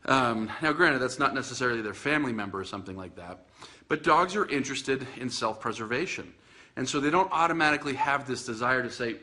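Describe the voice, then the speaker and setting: Bright-voiced chatty male podcast host. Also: mid-range voice, animated, a little fast. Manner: chatty, self-teasing, many fillers and restarts. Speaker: podcast host and dog trainer. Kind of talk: casual video podcast monologue. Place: indoors in front of a Christmas tree.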